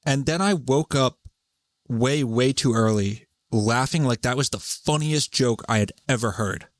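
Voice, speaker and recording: A man's voice: mid-range voice, a little slow, no echo, clean studio sound. A man hosting a casual solo podcast, rambling, swearing and laughing as he rants. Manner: rambling, profane, exasperated; laughs often while talking. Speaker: podcast host.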